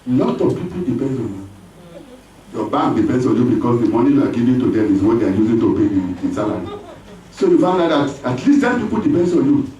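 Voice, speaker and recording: Man, pastor, preaching, lively rising and falling pitch, booming church echo. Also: fast, highs cut off. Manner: animated preaching with call-and-response and acted voices. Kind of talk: sermon. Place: church hall. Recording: echoey church hall from far off.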